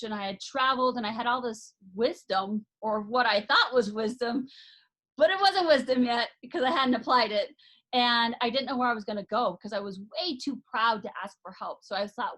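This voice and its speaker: A woman's voice: on the high side, a bit bright. A woman, an author and life coach, telling a personal story as a podcast guest, earnest and emphatic, often restarting her sentences.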